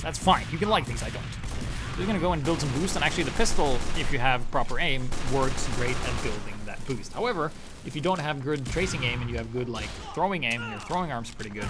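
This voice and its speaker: A man commentating over video game footage, excitable and profane, often breaking into shouts and laughter. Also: mid-range voice. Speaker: gaming commentator.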